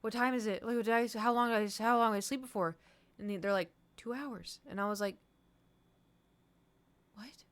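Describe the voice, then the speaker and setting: A young adult woman streaming and chatting with viewers, telling a rambling, animated story with laughs. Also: fairly high pitch, moderate pace, pauses often, smooth. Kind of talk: casual chat with stream viewers.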